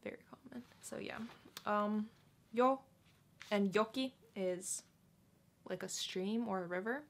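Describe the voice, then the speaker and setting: A young woman giving a casual pronunciation lesson, patiently repeating each word slowly and carefully. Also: mid-range voice. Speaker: language teacher.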